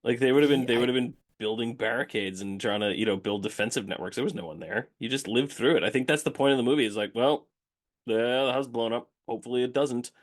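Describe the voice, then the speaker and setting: A man co-hosting a relaxed film discussion with an animated delivery. He laughs between points and slips into quoted voices to make his case. His pitch sits in the middle. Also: fast talker, few pauses. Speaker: podcast co-host.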